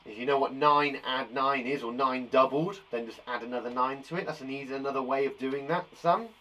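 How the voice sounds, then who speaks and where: A man's voice: mid-range voice, a little fast, bright, forceful tone. A man from England, a primary school teacher giving a live online maths lesson to young children, playful and encouraging, chatting to viewers by name.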